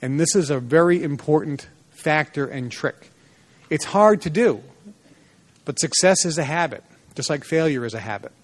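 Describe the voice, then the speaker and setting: Animated male seminar speaker, slightly higher voice. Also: normal speed. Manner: animated storyteller, acts out dialogue in a lively voice. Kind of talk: seminar lecture with personal stories. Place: seminar room before a live audience.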